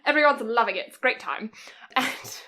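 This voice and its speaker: British woman, podcast co-host, casual chat, giggly, sweary, bright tone. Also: fairly high pitch, a little fast. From Britain.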